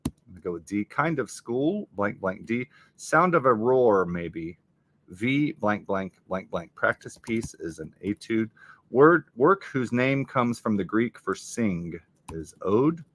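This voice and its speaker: On this casual live stream, the host solves a crossword, voicing each clue and mumbling possible answers. He speaks slowly in a lowish, animated voice.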